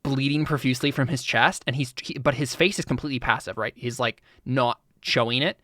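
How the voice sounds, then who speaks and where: A man running a tabletop game as game master, narrating in a loose, chatty way with plenty of fillers. His voice is mid-pitched, and the recording is close and dry. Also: fairly quick, pushed and bright, no room sound. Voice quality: chatty, laughing, filler-heavy.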